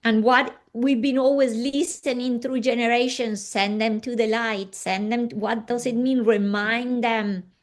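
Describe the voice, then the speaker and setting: Woman, interview guest, earnest storytelling, unhurried, slightly non-native phrasing, mid-pitched. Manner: earnest, acting out quoted dialogue.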